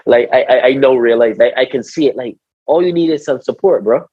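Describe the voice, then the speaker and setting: A man's voice: medium pitch, a little fast, slightly rough, no room sound. A man with a Barbadian accent, a former cricketer being interviewed, telling stories animatedly, repeating words and acting out what people said. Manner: animated, repeats words, acts out quotes, says "bro". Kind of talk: casual storytelling interview. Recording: slightly dull, dry podcast audio.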